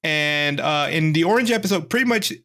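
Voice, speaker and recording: A man co-hosting a podcast, recapping a series in an animated, excitable way. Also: a little high, a little fast. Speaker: podcast co-host. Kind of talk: casual show review chat.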